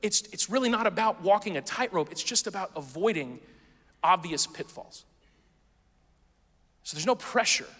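Male pastor, high and bright, casual and jokey at the pulpit, recorded in a reverberant sanctuary. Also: lively intonation. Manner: conversational and playful, with quick asides to the congregation. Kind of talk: sermon. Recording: long hall reverb.

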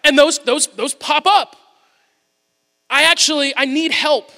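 Man, pastor, very high voice, sermon, long echo of a big church hall. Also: fairly even intonation, unhurried, bright, forceful tone. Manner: conversational, humorous storytelling. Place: church sanctuary.

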